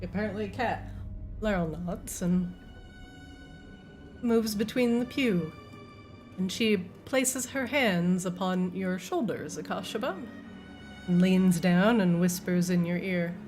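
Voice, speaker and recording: A woman narrating as dungeon master in an unhurried, easygoing way. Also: on the low side, darkish tone, faint music behind. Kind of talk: narrating a tabletop game.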